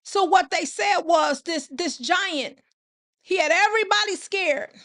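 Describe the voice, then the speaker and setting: A woman's voice: very high voice, a little slow, fairly bright tone. A woman host preaching on a live stream, repeating phrases and asking listeners pointed rhetorical questions, and greeting viewers by name between points.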